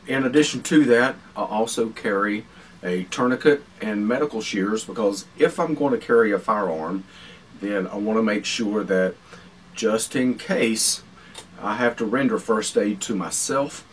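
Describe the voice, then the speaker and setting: A man hosting a survival vlog, explaining his gear in a practical, unhurried way with many pauses while he chews food. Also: fairly low pitch. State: talking while chewing food. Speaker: survival channel host. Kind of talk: casual explanatory vlog talk. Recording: distant mic with faint background noise.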